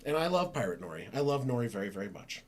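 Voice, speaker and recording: A man's voice: medium pitch, big pitch swings, fast. A man hosting a live football reaction stream from home, talking casually in a rambling, self-correcting way. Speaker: sports stream host.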